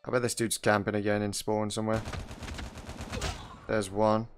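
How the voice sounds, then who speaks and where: A man's voice: lowish voice, little pitch movement, moderate pace. A young man giving casual, jokey commentary over his own mobile shooter gameplay. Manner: chatty, jokey, laughs often at teammates and enemies. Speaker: mobile gaming YouTuber. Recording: music playing faintly behind.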